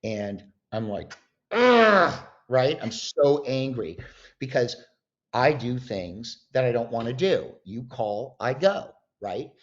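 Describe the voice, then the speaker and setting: A man guest on a podcast, telling a story with emphatic, animated delivery and acting out the voices of the people in it. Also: mid-range voice, slow. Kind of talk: storytelling in an interview. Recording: dull lo-fi sound.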